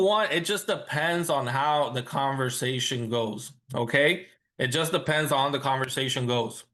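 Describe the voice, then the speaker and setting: A man's voice: on the high side, a bit bright. A man coaching new real estate agents in a casual, loose way, often restarting phrases and acting out client talk. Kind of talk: training session for agents.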